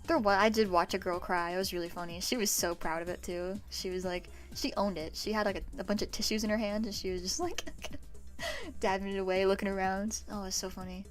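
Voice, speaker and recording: A woman in her twenties chats loosely with her viewers in an ordinary mid-range voice, swearing freely and breaking into laughter often. Soft music plays faintly behind her. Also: mid-range voice, brisk. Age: 20s. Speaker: livestreamer. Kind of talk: casual chat with stream viewers.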